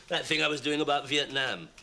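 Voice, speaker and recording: An actor playing an ironic, self-mocking middle-aged playwright in a 1970s British TV comedy, telling stories with theatrical flair. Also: male voice, a little high, gravelly, bright, forceful tone, full character voice. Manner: ironic, theatrical storytelling with laughs. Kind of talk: 1970s British TV sitcom acting. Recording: old TV sound with faint hiss.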